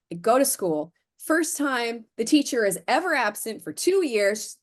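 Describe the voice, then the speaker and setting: Animated woman telling stories. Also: a little high, moderate pace, few pauses. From Florida, USA. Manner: animated, acts out quoted dialogue, frequent "like" fillers. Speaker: podcast guest. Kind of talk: casual interview storytelling.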